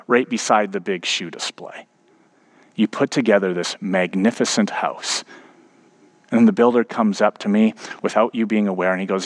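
A man preaching a sermon as pastor. He tells stories and builds to emphatic peaks. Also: fairly low pitch.

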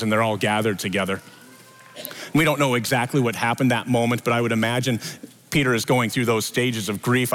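Man preaching an Easter sermon. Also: fairly bright tone. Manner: storytelling, acts out quoted dialogue with lifted pitch. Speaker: pastor. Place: church service.

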